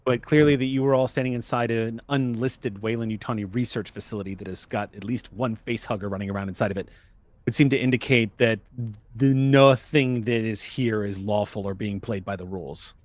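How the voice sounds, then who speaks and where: A man's voice: fairly low pitch, brisk, no room sound. Man running a tabletop game, dry sound. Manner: explains rules patiently. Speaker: game master.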